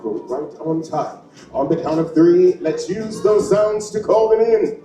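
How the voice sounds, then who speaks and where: A man's voice: high-pitched, animated, a little slow, dark tone. A man playing a proud, playful group leader who announces and hams up introductions to a crowd. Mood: announcing. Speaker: show performer and group leader. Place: large theater with a live audience. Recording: roomy, distant stage recording with music.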